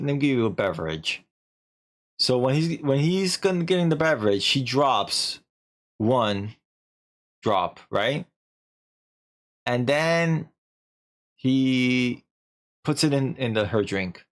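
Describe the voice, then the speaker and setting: A man's voice: medium pitch, lively intonation, unhurried, pauses often, a bit bright. A man streaming a game, casually retelling its story in a rambling, slangy way, full of fillers and restarts, and loosely acting out the characters' lines.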